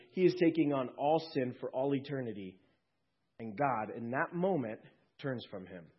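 A man preaching a sermon to his congregation in a conversational way, with quick asides and jokes. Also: medium pitch, slightly rough, lo-fi sound. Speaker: pastor.

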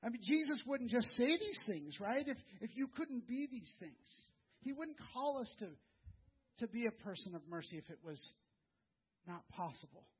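High-voiced earnest male preacher. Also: expressive, normal speed, breathy edge, muffled recording. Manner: conversational, earnest, repeats words, drops to soft low tones for emphasis. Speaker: pastor. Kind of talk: sermon.

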